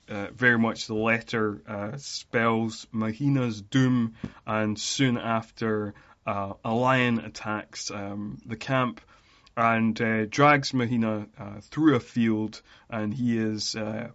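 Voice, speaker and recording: A man's voice: on the low side, takes it slowly, a bit bright. A man hosting a podcast, chatting casually about a film and laughing at his own observations. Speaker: podcast host. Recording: dull lo-fi podcast mic.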